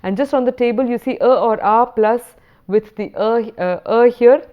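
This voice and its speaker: A woman lecturer giving a recorded university lesson, explaining patiently and reading verse slowly. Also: a little high, narrow, tinny audio.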